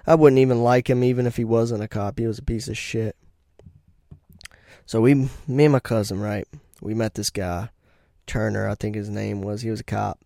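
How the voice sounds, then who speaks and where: A man's voice: medium pitch, fairly even intonation, moderate pace, mellow, no room sound, studio quality. A young man telling blunt, profane stories in casual chat and laughing at his own jokes. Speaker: podcast host.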